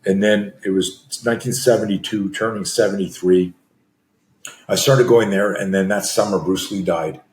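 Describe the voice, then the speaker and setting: A man's voice: on the low side, steady tone, moderate pace, a little hiss or hum. A man in his sixties, a self-defense coach telling stories as a guest, acting out scenes with screams and gasps. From Canada. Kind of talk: storytelling in a conversation. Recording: roomy echo.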